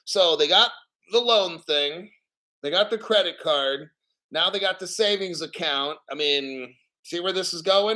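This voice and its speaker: A man's voice: high voice, moderate pace, sharp tone. A man giving casual live commentary on the news, blunt and profane, a little out of breath. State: slightly out of breath.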